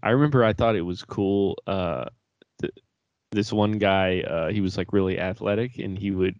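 A man's voice: sits low, fairly even intonation, moderate pace, a little mellow, no room sound, lo-fi sound. A young man co-hosting a podcast, chatting casually in a rambling way, laughing often and swearing. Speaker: podcast co-host. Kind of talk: casual chat.

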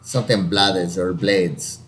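A man co-hosting a casual podcast, joking and swearing, with loud bursts of laughter. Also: deep voice, steady tone, slow pace, a little hiss or hum. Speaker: podcast co-host.

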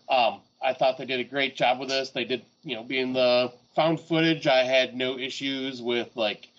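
A man's voice: mid-range voice, fairly bright tone, lo-fi sound. A man co-hosting a horror podcast, chatting casually and enthusiastically, swearing freely. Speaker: podcast co-host. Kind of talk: casual chat.

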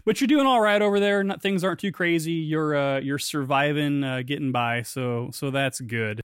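A man's voice: on the high side, clean tone, dry recording, clean studio sound. Wry, joking male podcast host. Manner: wry, self-mocking jokes, quick delivery. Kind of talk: scripted intro then casual interview chat.

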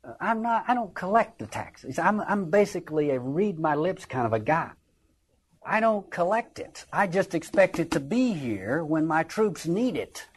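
A man's voice: on the high side, sing-song, normal speed, breathy edge, pitched above the performer's own voice. A man lecturing who voices a self-justifying Roman general in a raised, breezy tone as a comic paraphrase. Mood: blustering.

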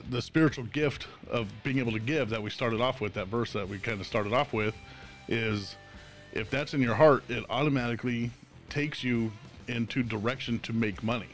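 A man's voice: medium pitch, normal speed, faint music behind. A man hosting a casual podcast chat, thoughtful, repeating words as he works out his point.

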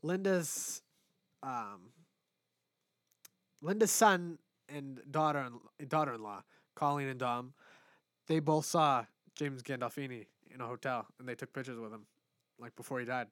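A man's voice: mid-range voice, measured pace, pauses often, a bit bright, no room sound, studio quality. A young man in casual chat, rambling and swearing freely, with frequent laughs. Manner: rambling, profane, laughs often.

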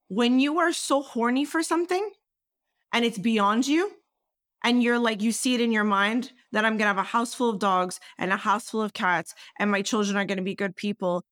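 A woman's voice: medium pitch, fairly bright tone, no echo, studio quality. A woman, a podcast guest talking passionately and emphatically, swearing freely. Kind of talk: candid conversational interview.

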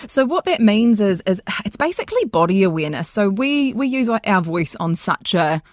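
A woman guest chatting on a podcast, animated and giggly, breaking into quick impressions. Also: mid-range voice, no room sound, clean studio sound. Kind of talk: casual podcast chat.

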